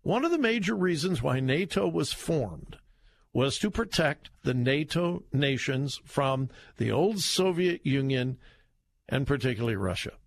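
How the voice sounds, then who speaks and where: A man's voice: mid-range voice, expressive, a little slow, vocal fry, no room sound. A man hosting a talk show, giving emphatic, conversational political commentary as he reacts to headlines.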